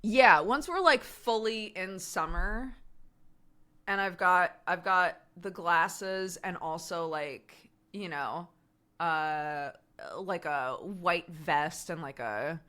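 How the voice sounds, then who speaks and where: A woman's voice: lowish voice, slow, sharp tone. An American woman in her thirties, a streamer chatting casually with viewers, laughing often and filling her talk with "like.".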